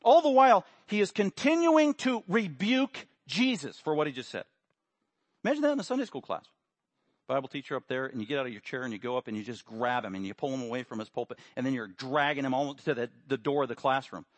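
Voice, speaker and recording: Animated preaching man, dry close sound. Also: medium pitch, quick pace, dry recording. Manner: animated, swings from quiet to loud emphasis; acts out quotes with raised voice. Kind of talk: sermon.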